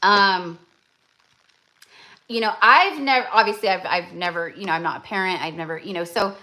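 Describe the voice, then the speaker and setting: A woman's voice: on the low side, normal speed, bright, forceful tone, slight background noise. A young woman giving a live-stream tarot reading, talking in a gushing, effusive way with many fillers and restarts. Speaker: tarot reader.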